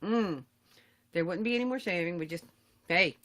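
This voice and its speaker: Animated storytelling woman in her fifties. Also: normal speed. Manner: animated, laughing storyteller with loud high outbursts. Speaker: podcast co-host. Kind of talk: casual storytelling chat.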